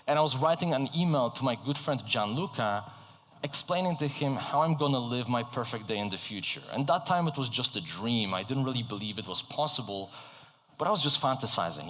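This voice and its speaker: Energetic Polish-born man on stage. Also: mid-range voice, brisk. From Poland. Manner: energetic, conversational, engages the audience. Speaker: conference speaker. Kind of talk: motivational keynote talk. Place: conference hall stage. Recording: echoey conference hall.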